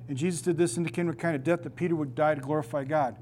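A man's voice: fairly high pitch, steady tone, racing, darkish tone, a little hiss or hum. Middle-aged man preaching emphatically. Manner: emphatic, preaching with stretched-out stressed words. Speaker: pastor. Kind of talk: sermon.

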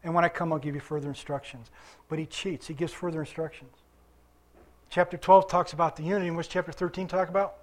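An older man preaching in a high, light voice, chatting with his congregation and quizzing them between verses. He is still recovering from illness, and his talk moves from soft asides to stretched, emphatic lines. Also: steady tone, quick pace. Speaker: pastor. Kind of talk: sermon.

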